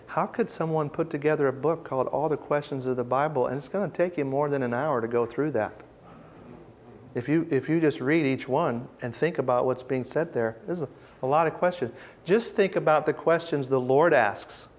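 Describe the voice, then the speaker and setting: A man giving an informal Bible teaching, conversational and reflective, with pauses and restarts as he reads verses aloud. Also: medium pitch, a little hiss or hum. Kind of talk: informal teaching talk with scripture readings.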